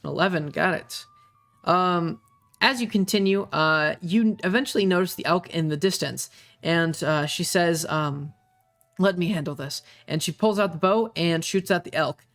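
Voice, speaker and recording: A young man runs a tabletop game, narrating in a fairly high voice with frequent ums and uhs. Faint music plays behind him. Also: a bit bright. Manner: halting, many ums and uhs. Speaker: game master.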